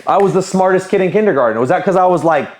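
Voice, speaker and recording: A man's voice: high voice, rapid-fire, slight background noise. A man, telling personal stories candidly and animatedly as a podcast guest. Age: 30s. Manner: animated, candid, storytelling with quoted voices. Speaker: podcast guest, business owner. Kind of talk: casual interview storytelling.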